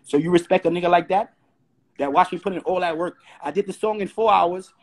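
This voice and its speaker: A man from Brooklyn, ranting heatedly on a live stream. His voice is husky and sits high for a man, and he talks fast, repeating rhetorical questions again and again. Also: a little mellow. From Brooklyn, New York. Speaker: host. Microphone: phone or webcam on a live stream.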